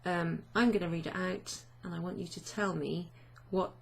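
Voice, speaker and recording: A woman's voice: on the low side, steady tone, moderate pace, vocal fry. A woman teaching a chatty, self-deprecating online language lesson, often asking learners questions.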